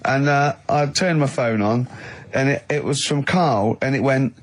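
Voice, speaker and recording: English male radio host, studio, animated storyteller who laughs easily. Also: mid-range voice, measured pace. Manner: animated anecdote-telling, laughs a lot. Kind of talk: casual radio chat.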